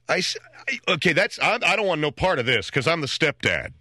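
A middle-aged man hosts a radio talk show, his slightly high voice very animated, brisk and sharp. He spins rambling, wisecracking comic stories, acting out other people's voices as he goes. The studio recording is clean with no echo.

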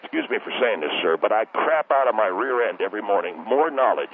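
A man's voice: fairly low pitch, animated, quick pace, noisy background, pitched below the performer's own voice. A man voicing a condescending male educator who calls in and hurls crude insults. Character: sneering male educator caller, pro-Union. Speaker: caller. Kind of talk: radio call-in comedy bit. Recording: phone line.

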